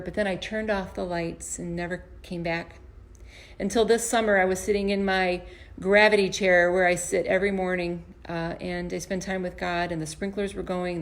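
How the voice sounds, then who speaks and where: A woman, an empowerment coach and comedian, giving a motivational talk to camera from her home basement, earnest and storytelling, often restarting and repeating words. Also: fairly low pitch. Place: home basement performance space.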